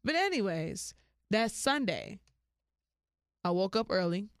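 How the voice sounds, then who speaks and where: A woman hosting a podcast, telling a story in a slangy, animated way and jumping into high voices for the people she quotes. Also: measured pace, no echo, studio quality. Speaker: podcast host. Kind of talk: casual storytelling monologue.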